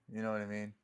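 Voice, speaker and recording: A man's voice: on the low side, clean tone. A man co-hosting a podcast, chatting casually with dry jokes and retelling movie scenes by acting out the characters. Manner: dry joking, storytelling that acts out characters. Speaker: podcast co-host. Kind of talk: casual chat.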